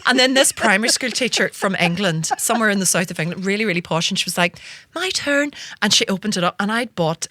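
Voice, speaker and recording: A woman's voice: medium pitch, quick pace, few pauses, no echo. A Northern Irish woman in her forties hosting a comedy podcast, telling stories with lots of laughter. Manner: animated storyteller, laughing often. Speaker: podcast host. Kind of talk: casual comedic chat.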